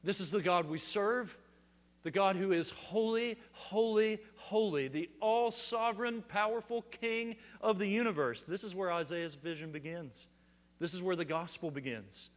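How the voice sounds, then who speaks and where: A man preaching a sermon, building to loud, emphatic bursts on repeated words and then dropping low and quiet. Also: a little slow. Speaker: pastor. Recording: long hall reverb.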